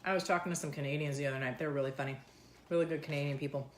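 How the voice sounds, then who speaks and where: A woman in her thirties with a low voice, rambling casually to her viewers. She talks in a loose, chatty way. The recording has a roomy echo. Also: fairly even intonation, racing, slight background noise. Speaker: vlogger. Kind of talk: casual chat.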